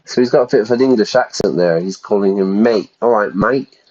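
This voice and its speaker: Low-voiced man explaining game words. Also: brisk, darkish tone. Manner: explains words, chatty, asks viewers. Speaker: English teacher streaming a game. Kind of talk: casual game commentary for learners. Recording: dull, lo-fi sound.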